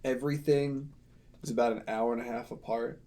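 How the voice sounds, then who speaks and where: A man's voice: medium pitch, fairly even intonation, brisk, mellow. A man hosting a casual podcast, telling rambling, profane stories. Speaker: podcast host.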